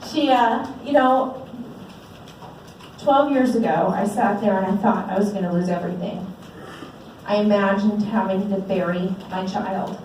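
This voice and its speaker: A woman's voice: medium pitch, darkish tone, a little hiss or hum. A woman in her forties gives an earnest, heartfelt personal testimony to an audience at a fundraiser, speaking into a handheld microphone. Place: large event hall. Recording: very echoey hall, distant mic.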